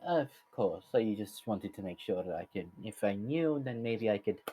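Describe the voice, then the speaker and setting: Man putting on a hushed, smooth-talking Irish bard; quiet, flattering adventurer. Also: fairly low pitch, normal speed. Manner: soft, subdued, a bit sad-sounding.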